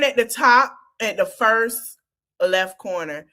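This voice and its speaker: Woman w aave, lively podcast recap, kinda high voice, a bit of a cough from a cold. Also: takes it slowly. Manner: animated, laughs often, mimics cast members' lines. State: getting over a cold, coughing. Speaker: podcast host. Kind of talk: casual reality TV recap.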